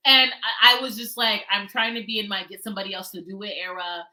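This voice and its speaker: A woman chatting casually on a livestream, animated and quick to laugh, often trailing off and restarting. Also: medium pitch, poor audio. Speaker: book blogger and guest co-host.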